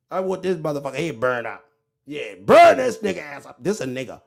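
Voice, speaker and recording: A man giving a loud, profane, mocking commentary rant, swinging between shouts and low mutters. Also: very animated, a little fast, creaky. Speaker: online commentator. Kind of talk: ranting commentary.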